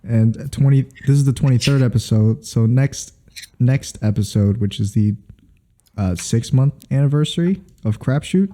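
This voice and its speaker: A man's voice: mid-range voice, moderate pace, warm tone. A young man co-hosting a casual podcast, rambling and hesitant as he talks. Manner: rambling, hesitant, full of fillers. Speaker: podcast co-host. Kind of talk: casual chat.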